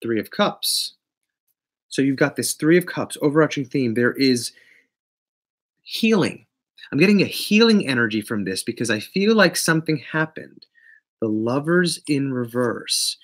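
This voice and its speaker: A man giving a casual tarot reading, talking emphatically and playfully, swinging between loud bursts and quiet asides. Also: medium pitch, animated, a little slow. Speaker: tarot reader.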